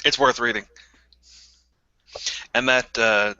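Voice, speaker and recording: A man's voice: medium pitch, slow pace, pauses often, pushed and bright, clean tone, muffled recording. A man making dry wisecracks in a casual voice chat.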